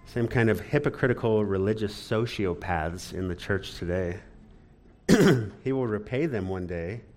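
A man preaching a sermon with dramatic emphasis, swinging between loud rises and quiet drops, with sarcastic asides. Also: mid-range voice. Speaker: pastor.

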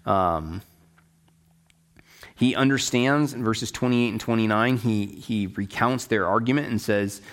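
A man's voice: on the low side, a little slow. A man teaching a Bible study lecture in a conversational way, paraphrasing the text plainly and often checking in with his listeners. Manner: conversational, checks in with "right?" and "okay?"; explains in plain paraphrase with restarts.

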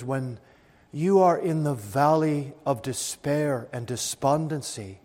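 A man with a high voice preaches slowly and deliberately, stretching out his phrases. He swells to loud, emphatic peaks and then sinks to hushed, low tones. The sound carries a long reverb, like a big hall. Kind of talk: sermon.

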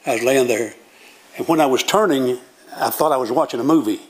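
A man's voice: medium pitch, a little fast. An older man, preaching a sermon as pastor and telling stories in a plain, folksy way. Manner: folksy storytelling with plain country grammar.

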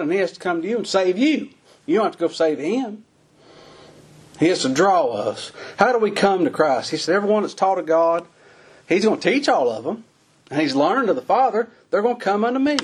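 A man preaching a folksy sermon, his voice climbing high on the emphatic lines. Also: husky.

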